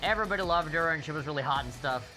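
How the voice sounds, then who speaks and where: Bright, profane young male streamer. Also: on the high side, racing. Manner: rambling, profane, animated. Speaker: game streamer. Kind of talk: live stream storytelling. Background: faint game music.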